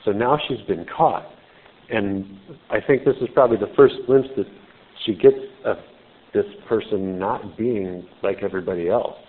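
Low-voiced man preaching over a phone line. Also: moderate pace. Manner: informal, explanatory, with "you know" fillers. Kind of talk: conversational sermon. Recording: tinny phone-like sound.

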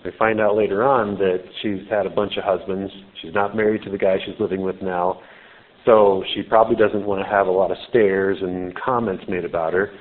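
Low-voiced man preaching over a phone line. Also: fairly even intonation, fairly quick. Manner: informal, explanatory, with "you know" fillers. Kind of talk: conversational sermon. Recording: tinny phone-like sound.

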